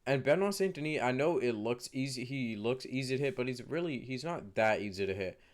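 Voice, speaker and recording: A man vlogging MMA fight predictions talks to the camera at a slightly fast clip, his medium-pitched voice full of lively intonation. He rambles casually, with plenty of fillers and restarts.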